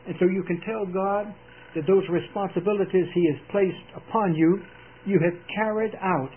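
A man preaching a sermon in an earnest, emphatic way, with dramatic pauses, heard over a tinny old radio broadcast. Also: high-pitched, steady tone, a little hiss or hum.

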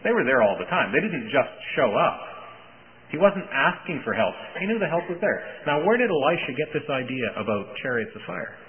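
A man preaching a sermon in a conversational storytelling way, with pauses and restarts. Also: medium pitch, very animated. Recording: tinny phone-like recording with faint hiss.

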